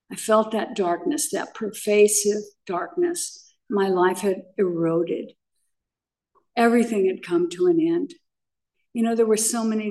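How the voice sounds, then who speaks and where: A woman's voice: mid-range voice, a little mellow, recorded from a distance. An older woman sharing her personal recovery story at a meeting, telling it dramatically with vivid repetition. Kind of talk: personal testimony.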